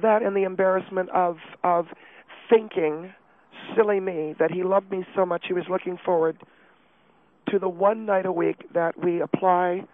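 A man voicing a distraught, prim middle-aged wife calling in to a radio show, confessing in a halting, breathless, self-pitying way. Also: high voice, no room sound, pitched above the performer's own voice. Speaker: caller. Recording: tinny phone line.

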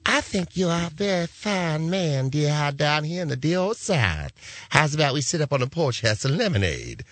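A man doing a slow, sugary drawling impression of a genteel Southern belle actress. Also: on the high side, sing-song, fairly bright tone, no room sound. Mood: flirting.

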